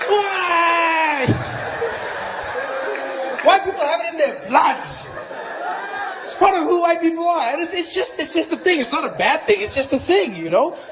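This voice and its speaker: A man performing stand-up in a large live venue, lively and loud in bursts. His voice sits high for a man. Clear crowd noise runs under the stage recording. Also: a little fast. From South Africa. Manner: animated, shifting between shouts and mutters. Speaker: stand-up comedian. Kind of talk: stand-up comedy set.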